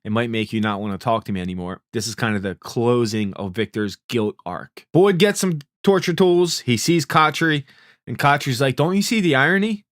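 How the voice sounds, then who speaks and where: A man's voice: medium pitch, moderate pace, a bit bright, no echo, studio quality. A man casually recapping a TV series episode, laid-back and profane, loosely paraphrasing what the characters say. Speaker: TV recap host.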